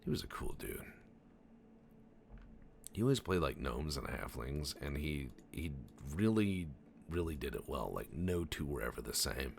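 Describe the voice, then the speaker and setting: Very deep gravelly-voiced joking man. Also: sing-song, a little slow, slight background noise. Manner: joking, profane, rambling storyteller. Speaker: gameplay commentator. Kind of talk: casual let's-play commentary.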